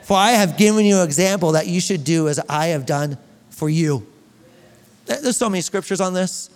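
A man preaching a sermon as pastor, animated and reading scripture aloud to his congregation. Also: high voice, moderate pace, long reverb tail. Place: church hall.

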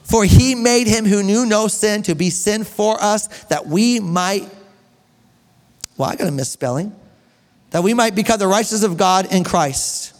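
A man preaching a sermon to his congregation in a church, energetic and building to near-shouts. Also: high voice, unhurried. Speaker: pastor. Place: church sanctuary. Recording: long reverb of a hall.

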